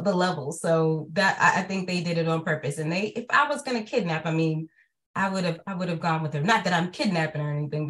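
Low-voiced deadpan woman. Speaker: podcast guest. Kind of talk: casual panel chat.

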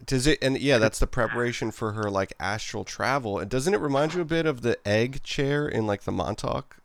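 A man's voice: medium pitch, a little fast, gravelly. A man co-hosting a casual podcast conversation, rambling and leaning heavily on "like" and "um" as he talks. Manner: rambling, heavy on "like" and "um" fillers.

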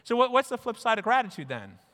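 Bright high-voiced man in a hall. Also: quick pace. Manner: animated storytelling with mock quoted voices. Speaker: speaker. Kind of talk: conference talk. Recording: reverberant hall.

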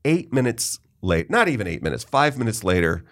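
A man's voice: lowish voice, sing-song, a little fast. Middle-aged man rambling through a story. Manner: rambling storyteller, self-interrupting. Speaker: podcast host. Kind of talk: casual interview chat.

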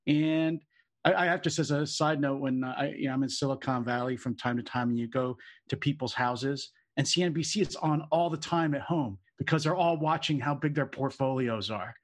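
A man's voice: medium pitch, fairly quick. A man co-hosting a podcast in a casual, joking, chatty way, often laughing. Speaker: co-host, law professor. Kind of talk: casual chat.

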